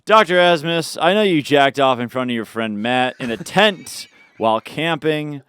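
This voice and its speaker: A man's voice: mid-range voice, expressive, moderate pace, a bit bright, smooth. A young man co-hosting a casual podcast, joking around, swearing casually and getting defensive. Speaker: podcast co-host.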